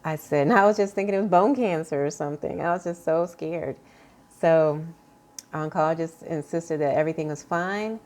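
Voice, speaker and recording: A woman with a low-pitched voice speaks in an unscripted personal vlog. She talks in a halting way, with frequent fillers and restarts. Her tone is earnest and confiding as she addresses her viewers. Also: darkish tone. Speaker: vlogger sharing a health update.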